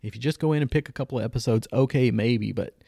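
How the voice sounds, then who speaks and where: A man's voice: mid-range voice, fast, vocal fry, warm tone, husky, dry recording. A man co-hosting a podcast, casually reviewing shows in a laid-back way and giving dry verdicts. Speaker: podcast co-host.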